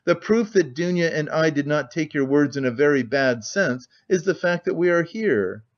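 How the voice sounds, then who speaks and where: A man's voice: on the high side, lively intonation, moderate pace, dull audio, voice pushed up, close to an everyday voice. A man voicing an older mother who falters yet keeps her dignity. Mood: hesitant.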